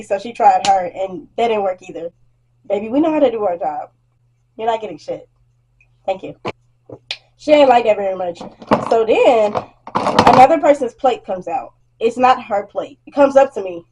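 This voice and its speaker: A young woman vlogger telling a blunt, animated storytime rant about work, acting out what customers said and swearing freely. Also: a little high, fairly quick, breathy edge, rough recording.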